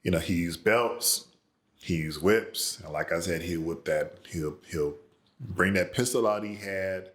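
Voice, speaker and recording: A man with a very deep voice tells a family anecdote in a relaxed, conversational way. He speaks as an author sharing a story left out of his book, with everyday fillers and easy pauses. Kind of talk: casual personal storytelling.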